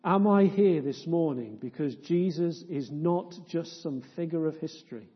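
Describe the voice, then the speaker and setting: A man preaching a sermon in a church, firing off rhetorical questions and swinging between loud, impassioned stretches and hushed ones. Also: on the high side, moderate pace, hardly any pauses, breathy edge. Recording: dull lo-fi sound with long church reverb.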